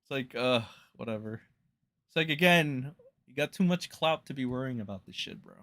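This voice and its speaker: Male streamer host, bright edgy voice, crude mocking rant. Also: mid-range voice, lively intonation, moderate pace. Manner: crude, mocking, swears constantly. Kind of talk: profane ranting commentary.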